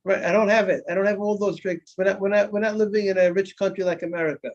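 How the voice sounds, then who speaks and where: Rabbi guy with a high voice teaching gemara, keeps asking the class stuff and answering it, muffled lo-fi audio. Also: steady tone, fast. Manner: repeats words, asks students questions and answers them. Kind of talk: informal Talmud lesson. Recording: dull lo-fi recording.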